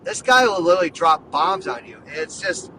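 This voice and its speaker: Excited high-voiced man chatting sports. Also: brisk, far from the mic, slight background noise, poor audio. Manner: excited, rambling, lots of "dude" and "like". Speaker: podcast host. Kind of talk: casual sports chat.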